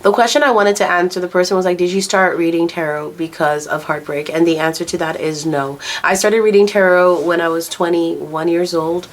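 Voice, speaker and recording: A woman's voice: fairly low pitch, steady tone, fairly quick, hardly any pauses. A young adult woman chatting candidly while doing her makeup, swearing now and then and laughing at herself. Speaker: vlogger.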